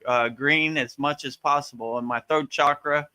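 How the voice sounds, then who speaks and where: A man with a strikingly bright, forceful voice and a fairly high pitch leads a live-stream Q&A as a spiritual teacher. He talks casually and with animation, checking in with "you know?" and "right?" and acting out little voices to make his point. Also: steady tone, moderate pace, clear, resonant tone. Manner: acts out voices playfully.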